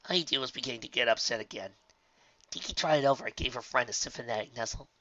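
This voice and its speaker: A reader narrating a fan story aloud, lively storybook delivery. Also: mid-range voice, fast talker, dull audio, a little hiss or hum.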